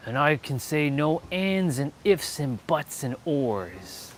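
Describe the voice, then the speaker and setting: A man at an ordinary mid pitch, hosting a loose motivational live stream. He drifts from near-whispered asides to slow, loud, stretched-out emphasis and laughs at his own tangents. A faint hiss sits under the voice. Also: animated. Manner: swings from low murmurs to loud, slow, drawn-out emphasis; laughs often, casual and self-aware.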